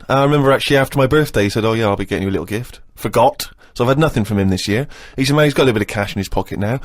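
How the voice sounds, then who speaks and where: A man's voice: mid-range voice, no room sound. A man co-hosting a casual radio chat, teasing a friend in a dry, mock-aggrieved way.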